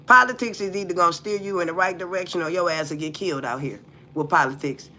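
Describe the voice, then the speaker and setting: A woman's voice: fairly low pitch, fast, bright, forceful tone, slight background noise. A woman from the United States hosting a livestream, talking bluntly and profanely and throwing rhetorical questions at her viewers. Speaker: livestream host. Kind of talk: casual livestream talk.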